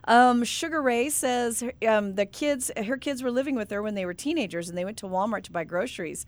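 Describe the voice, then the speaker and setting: Lively woman radio co-host telling stories. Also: fairly high pitch, fairly quick, dry recording. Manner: animated storyteller, laughs often. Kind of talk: casual radio chat reading listener posts.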